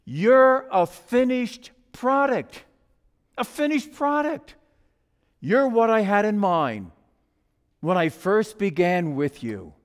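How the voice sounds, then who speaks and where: A man voicing a patient master potter who calmly explains why he shaped his work. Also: sits high, heavily acted. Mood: explaining. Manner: slow, gentle, explaining. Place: church sanctuary. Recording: long church reverb.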